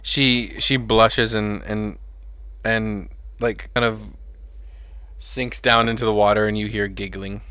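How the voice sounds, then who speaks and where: A man narrating a tabletop game as game master. He rambles with many fillers and laughs often, in a bright, forward voice. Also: on the low side, steady tone, slow pace, dry recording.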